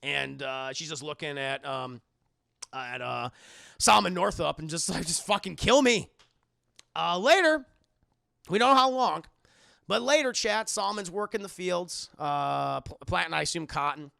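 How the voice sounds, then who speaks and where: A man casually recapping a film for his stream chat, telling it in an animated, profane way. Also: fairly high pitch, moderate pace, gravelly, clear, resonant tone, dry recording, studio quality. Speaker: movie reviewer streaming to chat.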